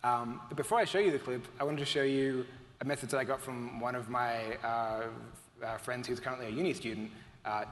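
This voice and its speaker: A man's voice: mid-range voice, fairly even intonation, a little fast. A man giving a comedic conference talk on stage, rambling and self-deprecating with lots of "like"s. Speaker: conference speaker. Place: stage in a large hall. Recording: hall reverb, faint background noise.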